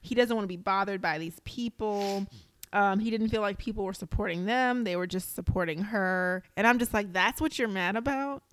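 A woman's voice: medium pitch, normal speed. A woman co-hosting a podcast, recapping in casual chat, chatty and full of fillers as she acts out quotes. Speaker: podcast co-host.

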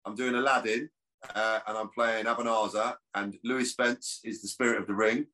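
A man's voice: on the low side, steady tone, normal speed, sharp tone. A man, an actor chatting as a podcast guest, rambling with restarts. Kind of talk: casual podcast chat.

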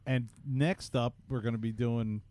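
A man co-hosting a casual podcast, his voice mellow and warm at a middle pitch. He jumps in eagerly, talking in quick bursts. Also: fairly even intonation. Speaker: podcast co-host. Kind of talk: casual chat. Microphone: headphones on.

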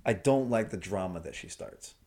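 A man's voice: fairly low pitch, lively intonation, normal speed, a little mellow, slight background noise. A man from Georgia, a guest comedian, chatting casually on a podcast in a rambling way. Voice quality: gravelly. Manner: rambling, conversational, hedging with fillers.

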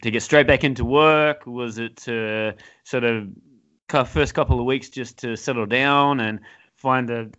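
A man's voice: mid-range voice, steady tone, a little slow, a bit bright, lo-fi sound. A man hosting a podcast, chatty and agreeable, interviewing his guest. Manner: chatty, agreeable, lots of "yes". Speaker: podcast host. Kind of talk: casual interview chat.

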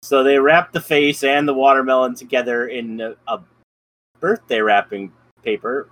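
A man's voice: medium pitch, fairly even intonation, moderate pace, a bit bright, no room sound, rough recording. An easygoing man with a mid-range voice, walking through a film's plot in casual chat. He chuckles often as he goes along. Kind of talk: casual movie review chat.

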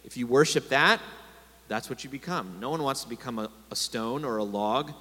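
A man's voice: medium pitch, moderate pace, pushed and bright, husky. A man preaching a sermon to a congregation, telling stories and calling for responses. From America. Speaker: pastor. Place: congregation hall. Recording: long hall reverb.

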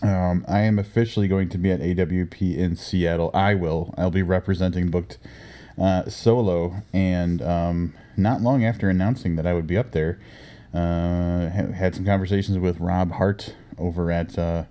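A man's voice: low-pitched, steady tone, normal speed, dark tone. A man hosting a podcast, chatting casually with a rambling delivery full of fillers. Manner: rambling, lots of fillers and laughs. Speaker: podcast host.

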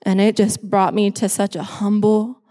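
A woman's voice: medium pitch, little pitch movement, moderate pace, warm tone. A woman in her twenties, a pastor giving a personal testimony sermon on a church stage, speaking emphatically and repeating phrases for effect. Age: 20s. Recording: echoey hall with long reverb.

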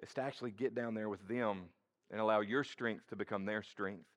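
A man's voice: fairly low pitch, brisk. A male pastor preaching a sermon in church, speaking in a casual way and addressing the congregation directly. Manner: conversational and expressive, talks to the congregation directly.

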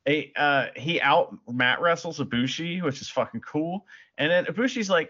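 Bright, easygoing podcast man. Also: fairly high pitch, moderate pace, lo-fi sound. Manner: laid-back, laughing, hedges with "you know". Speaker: podcast co-host. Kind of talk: casual podcast chat.

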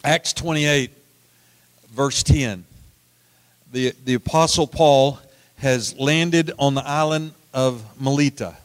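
A middle-aged man preaching a sermon, telling folksy stories with repeated words and swings from loud to hushed. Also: medium pitch, takes it slowly, pauses often, clean tone, no echo. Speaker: pastor.

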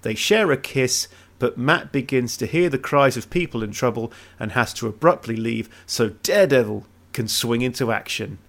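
A man's voice: mid-range voice, normal speed, creaky, hardly any pauses, a bit bright. A man co-hosting a casual podcast, reading plot summaries aloud and breaking off for jokey asides. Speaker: podcast co-host. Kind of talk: casual movie recap chat.

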